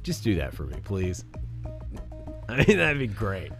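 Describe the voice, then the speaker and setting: A man's voice: sits low, huge pitch swings, a little slow, gravelly, music in the background. A man co-hosting a podcast in casual chat, joking and swearing freely. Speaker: podcast co-host.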